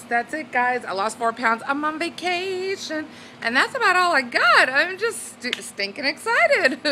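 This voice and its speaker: A woman with a drawl talks straight to her camera in a loose, casual vlog. She sounds bubbly and easily excited, often breaking into giggles. Her voice has a bright, forward edge. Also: medium pitch, slight background noise, rough recording. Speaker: weight-loss vlogger. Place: at home indoors, then on a swing.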